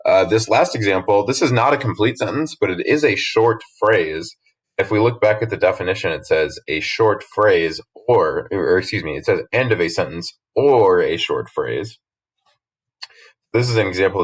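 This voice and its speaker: A man teaching a lesson from slides, patiently reading rules and examples aloud and explaining them, with frequent "uh" fillers. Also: low-pitched.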